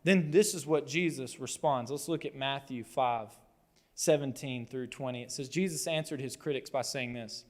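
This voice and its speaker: A man's voice: medium pitch, normal speed. Guy preaching, casual storyteller vibe, acts out quotes, big echoey church hall. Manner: conversational, animated storytelling with acted-out quotes. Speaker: pastor. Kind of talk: sermon. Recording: long hall reverb.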